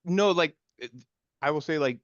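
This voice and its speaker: A man's voice: a little high, moderate pace, no echo, muffled recording. A man narrating as game master in a loose, conversational way, restarting his sentences often.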